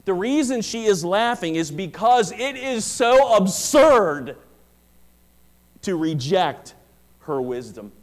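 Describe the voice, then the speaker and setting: A middle-aged male pastor delivering a sermon. His voice sits high for a man, and he drives points home by repeating them with rising emphasis. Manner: emphatic preaching with repetition.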